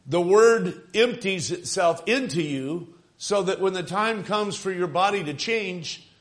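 A man preaching a sermon, stressing phrases with swings of loudness and calling out questions to the congregation. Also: high-pitched, unhurried. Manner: emphatic, rising and falling for emphasis, calls out to the congregation.

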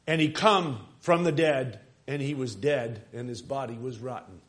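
A man preaching a sermon, stressing phrases with swings of loudness and calling out questions to the congregation. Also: medium pitch, normal speed, few pauses. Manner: emphatic, rising and falling for emphasis, calls out to the congregation.

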